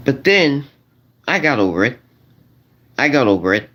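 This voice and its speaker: A man delivers a stand-up rant straight to the crowd, circling back over the same phrases. His voice stays around a middle pitch but leaps sharply upward whenever he gets indignant, then drops back low and grumbling. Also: big pitch swings, moderate pace, sharp tone. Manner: repetitive, exasperated, voice jumping high when indignant.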